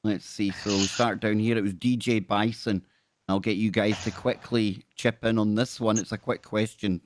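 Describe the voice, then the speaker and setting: A man hosting a casual live stream, chatty and quick with thanks, often repeating himself. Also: lowish voice, fairly even intonation. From Scotland. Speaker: host.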